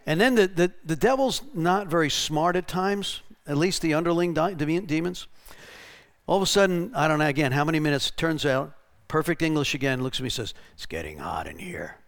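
A man preaching a storytelling sermon in an animated way, restarting and repeating words and rising to shouted bursts. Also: a little high, fairly quick. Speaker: pastor.

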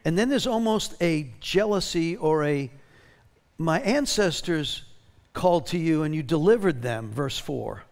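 A male pastor preaching with a gravelly, creaky edge in a slightly higher voice. He swings between emphatic bursts and quieter passages as he reads scripture aloud. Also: animated, a little slow. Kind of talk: sermon.

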